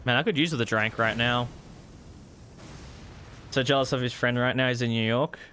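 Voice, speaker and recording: A man streaming a video game, giving excitable live commentary, swearing freely and laughing often. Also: medium pitch, normal speed, slight background noise. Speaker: gaming streamer.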